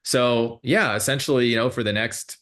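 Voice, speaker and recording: A man's voice: mid-range voice, moderate pace, fairly bright tone. A man working as a hypnotherapist, explaining his sessions in a casual interview, meandering, with many fillers and self-corrections.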